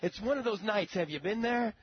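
A man's voice: sits high, lively intonation, brisk, a little hiss or hum. A man preacher delivering a sermon in a dramatic storytelling manner, with conversational asides to the congregation. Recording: dull lo-fi sermon recording.

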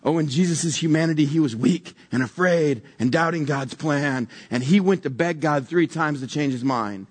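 Delivering a sermon as a retold story, a man with a slightly high voice speaks at a moderate pace with hardly any pauses. He wonders aloud and keeps things conversational, joking casually with the listeners.

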